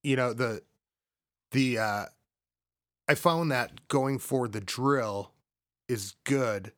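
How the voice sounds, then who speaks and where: A man co-hosting a casual gaming podcast from a home basement, talking hesitantly with frequent pauses and restarts. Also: medium pitch, fairly bright tone, no room sound, studio quality. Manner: hesitant, full of ums and restarts. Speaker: podcast co-host. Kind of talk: casual chat.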